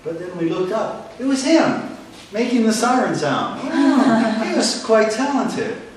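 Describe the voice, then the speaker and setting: Heard through a distant mic in a large, echoey hall with slight background noise, a man with a high-sitting voice performs a story on stage. His telling is dramatic and animated, punctuated by pauses for effect.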